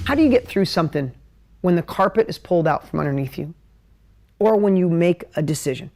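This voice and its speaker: A man teaching at a whiteboard on a live stream, emotional and animated, jumping between ideas and talking straight to his viewers. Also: fairly high pitch, brisk, music in the background. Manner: talks straight to viewers, asks for comments. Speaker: business coach hosting a live stream.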